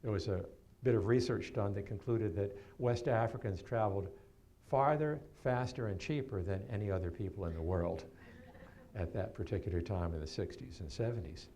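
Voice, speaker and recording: A man in his seventies from New York, giving a keynote talk as a storyteller and telling stories with animated swings and laughter. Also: lowish voice, moderate pace, a little hiss or hum. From New York, USA. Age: 70s.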